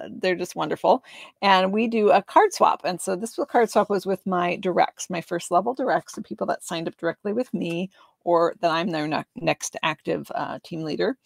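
Chatty woman with a gravelly voice. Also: lowish voice, dry recording, clean studio sound. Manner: chatty and upbeat, with frequent laughs. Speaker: craft demonstrator. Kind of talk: casual craft tutorial. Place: home craft room under a ring light.

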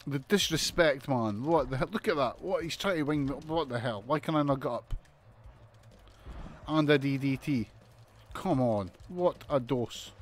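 A man commentating on a wrestling video game as he plays, excitable, swearing and shouting in disbelief. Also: medium pitch, normal speed, a little hiss or hum. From United Kingdom. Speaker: gaming commentator.

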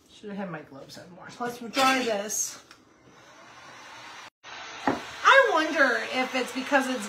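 A woman's voice: a little high, noisy background. A woman in her fifties hosting a casual crafting livestream, chatting with viewers and calling to her puppy. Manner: chatty, reads viewer comments aloud, talks to her puppy.

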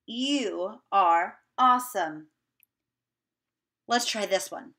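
Slow, bright-voiced woman teacher. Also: mid-range voice. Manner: slow, encouraging, sounding words out. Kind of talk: remote video lesson for young children.

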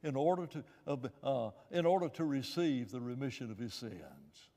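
A man's voice: mid-range voice, sing-song, moderate pace, creaky, warm tone, long reverb tail. A man preaching in a church Bible class, emphatic, asking rhetorical questions and often restarting his phrases. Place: church room.

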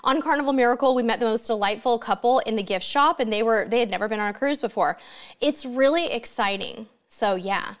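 A woman hosts a casual live-stream Q&A from her home setup. She talks in a chatty, enthusiastic way and reads out viewer questions as they come in. Her voice sits a little on the high side. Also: a little fast. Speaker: livestream host answering viewer questions.

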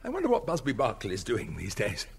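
An actor playing a vain, eccentric museum curator in a radio sitcom, talking in a pompous, theatrical way. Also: male voice, lowish voice, wildly swooping pitch, quick pace, creaky, a little mellow, husky, full character voice. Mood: grandiose.

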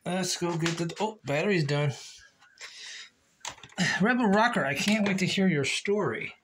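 A man's voice: a little high, unhurried, a bit bright, a little hiss or hum. A man vlogging casually at home, chatting to viewers and teasing his dog in a rambling way. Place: home yard and house, partly outdoors.

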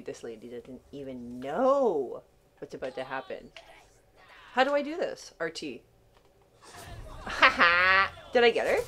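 A woman giving panicky, excitable commentary while playing a video game for the first time, laughing often. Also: on the low side, slight background noise. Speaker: gaming channel host.

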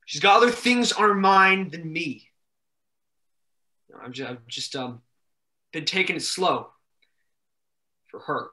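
A young man playing a flustered high school jock boyfriend on stage, stammering defensively. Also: takes it slowly, long pauses, bright, forceful tone. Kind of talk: stage play acting.

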